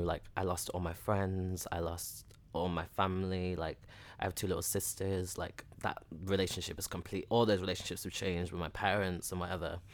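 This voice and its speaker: A young man, a podcast guest talking openly and casually, with lots of "like" and "literally". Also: sits low. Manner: chatty and open, often says "like" and "literally". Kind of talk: casual chat.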